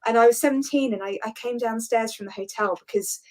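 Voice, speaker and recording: A woman's voice: on the high side, fast talker. A woman with an English accent, an actor guest on a video call, telling a story with dramatic flair. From England. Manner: laughing, dramatic, puts on posh voices. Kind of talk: casual storytelling chat.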